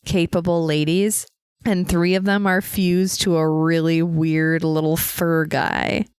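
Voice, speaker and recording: A giggly woman chats on a comedy podcast, laughing often as she talks. She speaks slowly and unhurried, in a dry, close recording. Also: lowish voice, level tone, a little mellow, clear, resonant tone, dry recording. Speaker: podcast co-host. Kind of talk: comedic casual chat.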